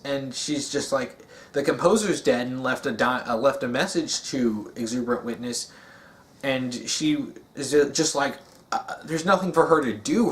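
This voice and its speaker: A man giving a casual, rambling monologue, with many fillers and restarts. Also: medium pitch. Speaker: video essayist.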